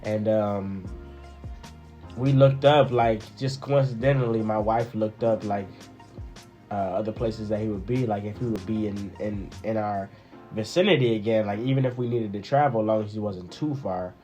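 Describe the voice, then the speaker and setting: A man's voice: lowish voice, normal speed, lo-fi sound, soft background music. Man telling a testimony, repeating words. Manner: animated, repeats words, many fillers. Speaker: husband sharing a testimony. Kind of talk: casual testimony storytelling.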